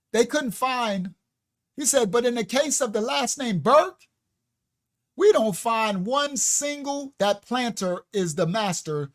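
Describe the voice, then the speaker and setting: Slow, emphatic livestream preacher man. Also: high-pitched. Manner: emphatic, preachy, reading from books with laughing asides. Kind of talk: livestream teaching.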